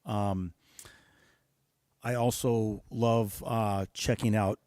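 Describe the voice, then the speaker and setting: A man from the United States, a guest musician talking in a relaxed interview, thoughtful and pausing often with fillers. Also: lowish voice, clean tone, dry recording, clean studio sound. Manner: thoughtful, many hesitations and fillers. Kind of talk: casual interview talk.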